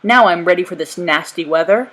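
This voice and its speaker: A woman's voice: lowish voice, brisk, a bit bright. A woman voicing a cheerful, bumbling male manservant with an eager, chirpy manner.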